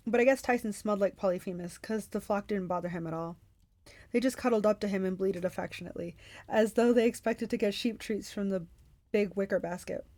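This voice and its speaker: A woman's voice: mid-range voice, no room sound. Woman reading a novel aloud, dry. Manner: lively, expressive reading with quick self-corrections. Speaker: book club host.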